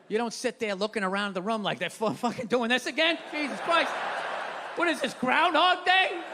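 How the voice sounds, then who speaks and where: A man's voice: very high voice, bright, forceful tone. A man doing a profane, sarcastic stand-up comedy set in front of a live audience. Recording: live stand-up recording with crowd and noise.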